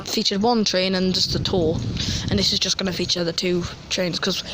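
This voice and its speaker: A man, rambling and excitable as he films a casual walk-and-talk vlog at an outdoor metro station. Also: sits high, moderate pace. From North East England. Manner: chatty, rambling, excitable about train details. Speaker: transport vlogger. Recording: noisy outdoor station sound.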